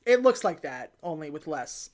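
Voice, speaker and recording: A woman hosting a podcast, casually retelling a film plot and quickly acting out the characters' lines. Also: sits low. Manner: animated retelling with quick put-on quotes. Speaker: podcast host. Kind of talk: casual movie recap chat.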